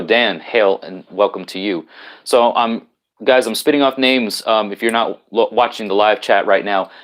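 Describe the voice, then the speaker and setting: A man with a lowish voice hosts a casual live stream from home, talking into his laptop. He rambles loosely, stumbling through fillers and restarts as he greets viewers and reads out their comments.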